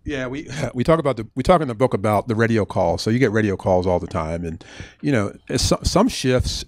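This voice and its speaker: A man's voice: fairly low pitch, fairly quick, dry recording. A man, an author and former police officer, answering audience questions at a book talk, telling stories with frequent restarts. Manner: animated storytelling with frequent restarts.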